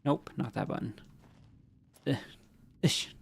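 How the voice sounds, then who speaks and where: A man's voice: slow pace, slight background noise. A man streaming a video game, rambling casually, answering chat, and making jokey asides, with a stuffy nose from allergies. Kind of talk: casual live-stream chat while playing.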